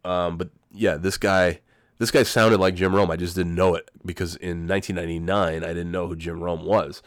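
A man's voice: low-pitched, fairly even intonation, moderate pace, no echo, studio quality. A man in his forties with a cold, telling a rambling, profane story in a casual monologue. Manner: rambling, profane, self-correcting. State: has a cold.

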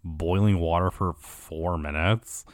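A low-pitched man talks through a year in review in loose, sarcastic commentary. He rambles, swears freely and leans on fillers, and his voice sits dry and close with no room around it. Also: fairly even intonation, takes it slowly, no room sound.

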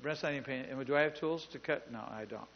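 A man's voice: medium pitch, fast, dull audio, slight background noise. A male pastor telling a story in a sermon, acting out the dialogue and joking with his congregation. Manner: animated, acts out dialogue, jokes with the congregation. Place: church service with live congregation.

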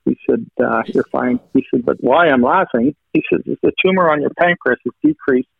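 This personal storytelling comes from a man with a husky, mid-range voice and vocal fry, talking a little fast. Earnestly recounting his testimony, he repeats conversations line by line with "he said" after "he said," thanking God along the way. The sound is a dry, thin phone-like line with no room sound.

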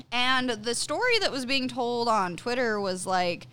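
Bright, lively young woman podcaster. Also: a little high, slow, clear, resonant tone. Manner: playful, laughs a lot, acts out silly voices. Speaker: podcast co-host. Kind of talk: casual chat.

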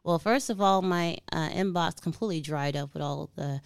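A young woman with a soft, sweet voice that never sounds threatening, even when she swears. She chats casually as an interview guest, bubbly and quick to giggle. Her pitch sits a little low, and the sound is dry and close. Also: clean tone, dry recording. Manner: giggly, bubbly, frequent laughter. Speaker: interview guest, musician's wife.

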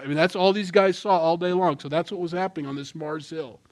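A man preaching a sermon in a conversational tone, swinging between loud emphasis and quiet asides. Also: a little high, steady tone, normal speed. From Norwegian heritage. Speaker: pastor.

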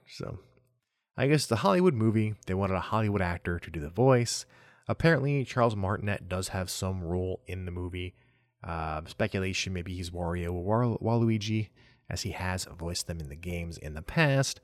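A young adult man hosting a solo gaming news podcast. He talks in a relaxed, chatty way, often trailing off and restarting, and chuckles at himself. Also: low-pitched, dry recording, clean studio sound. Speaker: podcast host.

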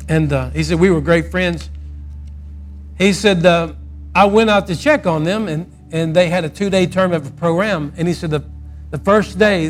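A man preaching a sermon and telling a story, swinging from loud quoted outbursts to a soft, quiet close. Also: high-pitched.

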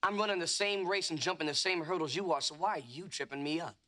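Film scene: an intense young man calling out a teammate, bright, raised pitch. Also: fast. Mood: defiant. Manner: intense, accusing. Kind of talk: film dialogue.

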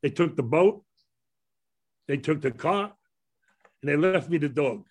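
A man's voice: a little high, animated, a little slow, a little mellow, husky. Older Brooklyn man spinning rambling stories. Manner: rambling, laughing at his own stories. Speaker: former ballplayer telling stories. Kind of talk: casual storytelling on a panel.

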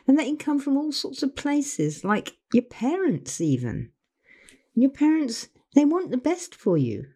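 A woman's voice: mid-range voice, dark tone, slightly rough. An older woman giving a motivational talk as a life coach, earnest, putting on other people's voices when she quotes them.

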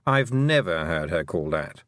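A man's voice: sits low, big pitch swings, normal speed, a bit bright, no room sound. A man voicing a sarcastic, dry-witted talking toad in an audiobook. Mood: drawling. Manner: sarcastic, drawling. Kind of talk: audiobook character voice.

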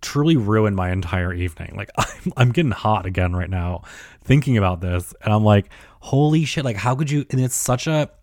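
A man's voice: fairly low pitch, animated, moderate pace, darkish tone, no echo, studio quality. A young man rambling through a story in a casual monologue, filling nearly every phrase with "like", swearing often and getting worked up. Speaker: storyteller recounting a night out.

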